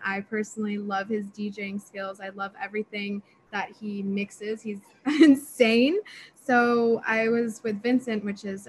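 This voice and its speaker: A young woman, a DJ and producer, answering interview questions in an excitable, chatty way full of fillers. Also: mid-range voice, slight background noise, poor audio. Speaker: DJ and music producer.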